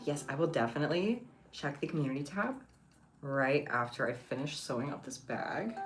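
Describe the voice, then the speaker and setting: A woman with a low voice chats on a live stream. She is playful and her pitch swings widely. Music plays clearly behind her. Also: very animated, a little fast. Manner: chatty and playful, talks to chat and her cat. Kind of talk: casual live-stream chat while crafting. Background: background music.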